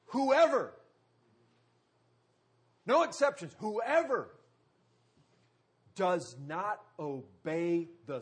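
Husky, lively preaching man. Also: high-pitched. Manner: preaching with emphatic repetition and dramatic pauses. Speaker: pastor. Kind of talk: sermon.

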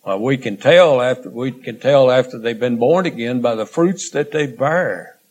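A man preaching a sermon in a slow, earnest way, drawing out phrases and letting line endings trail off quietly. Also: mid-range voice.

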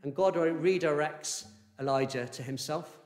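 A man preaching a sermon in an earnest, measured way, with fillers and restarts. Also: a little high, roomy sound.

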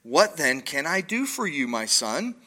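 A man voicing an old, blind father from a scripture reading, slow, solemn and hushed. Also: on the high side, very animated, full character voice.

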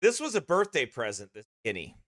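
A man's voice: mid-range voice, wildly swooping pitch, brisk, fairly bright tone, no room sound, studio quality. A man, a pastor, chatting casually on a livestream, laughing often and in a goofy mood, his voice slightly strained.

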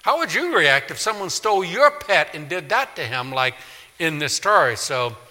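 A male pastor preaching a storytelling sermon in a church, swinging dramatically from loud to hushed. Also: on the high side, very animated, moderate pace. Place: church sanctuary. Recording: long church reverb.

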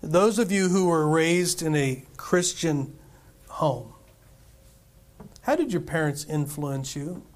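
A middle-aged pastor delivers a sermon in a church, his voice pitched a little higher than most men's. He speaks conversationally and keeps turning to the congregation with questions. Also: lively intonation, slow, long pauses. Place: church sanctuary.

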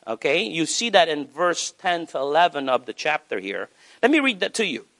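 A male pastor preaching with animated energy, his voice sitting a little high for a man. He swings up and down in pitch as he drives his points home, slowing down to stress key words. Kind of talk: sermon.

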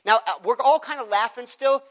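A man with a high, bright and forceful voice teaches a group in a church room how to share his faith. He lively acts out both sides of street conversations as he goes. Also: a little fast. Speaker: evangelism teacher. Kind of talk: teaching talk with acted street dialogues.

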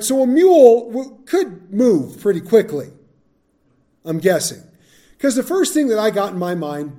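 A man's voice: high voice, dark tone. A male Bible teacher reading scripture aloud and breaking off into chatty, wry asides to his group. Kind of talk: scripture reading with casual commentary.

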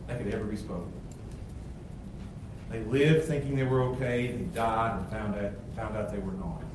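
A man preaching a sermon, swinging between shouted intensity and quiet, low asides. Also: steady tone, moderate pace. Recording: very echoey, distant from the mic, faint noise.

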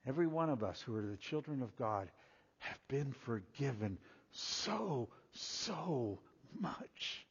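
Slow-speaking preacher in a reverberant hall. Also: male voice, very animated, breathy edge. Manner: rises loud and high when reading scripture, drops low and quiet when explaining. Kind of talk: sermon reading and explaining scripture. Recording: dull sound with long hall reverb.

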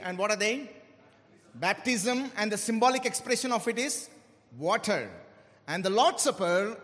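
A man preaching a sermon, stressing key words and slowing down for emphasis. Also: high voice, a bit bright. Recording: long hall reverb.

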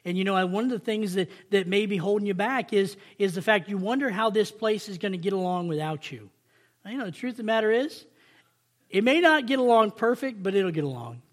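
A man giving an informal sermon to coworkers, talking conversationally, repeating phrases and checking in with a quick "right?". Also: high voice, lively intonation. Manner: conversational, repeats and restarts phrases, stretches key words slowly; addresses listeners directly with "right?".

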